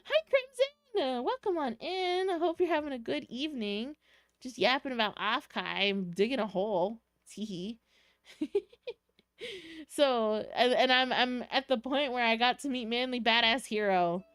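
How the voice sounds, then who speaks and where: A young woman streamer telling a story in casual chat with her viewers, excitable and rambling, full of fillers. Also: a little high, unhurried, no room sound.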